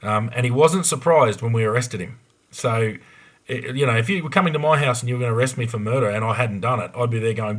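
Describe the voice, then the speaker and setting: A medium-pitched Australian man, formerly a police investigator, tells a case story on a podcast at a quick pace. He's blunt and frank, with plenty of ums and restarts.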